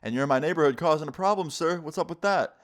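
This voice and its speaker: A man's voice: fairly high pitch, quick pace, voice pushed up, close to an everyday voice. Firm, formal male property manager, as a young man puts him on.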